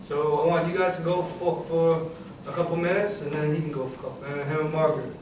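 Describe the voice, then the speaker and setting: A man runs a live teacher-training session, energetic and demonstrative. His voice sits high for a man. He is picked up from across a very echoey classroom, with faint noise behind him. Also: fast talker. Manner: energetic, demonstrative, acts out examples. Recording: very echoey room, far mic, faint noise.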